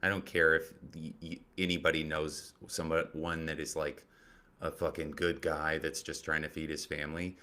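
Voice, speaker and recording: On his casual political comedy commentary show, a bass-voiced man speaks at normal speed with a sharp tone and little pitch movement. His delivery is rambling, sarcastic and profane, crowded with filler words and restarts.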